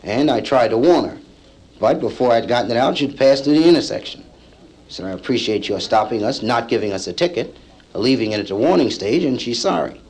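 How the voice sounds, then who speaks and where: A man performs stand-up on a vintage live comedy album. His voice sits at an ordinary middle pitch. He spins a long story and jumps into the voices of the people in it, landing each punchline with energy, and the crowd's laughter rolls in behind him. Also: fairly quick, poor audio. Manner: acts out characters in the story, lively punchline delivery. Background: audience laughter.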